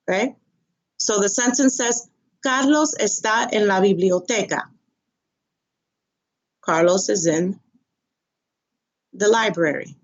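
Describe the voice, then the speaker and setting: Teaching Spanish online, a mid-range-voiced woman works patiently and methodically, repeating phrases and highlighting the rising pitch of questions. The audio quality is dull and lo-fi.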